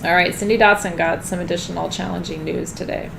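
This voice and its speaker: Chatty lady doing a card reading, gravelly voice, lots of laughing, noisy background. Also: fairly low pitch, steady tone, fast. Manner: chatty, laughs often, gets loud when joking. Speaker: tarot card reader. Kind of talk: live card reading, casual chat.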